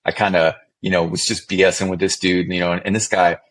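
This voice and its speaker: A middle-aged man telling stories as a podcast guest, animated and profane, acting out the dialogue. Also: low voice, quick pace, low-quality recording. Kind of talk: casual storytelling in conversation.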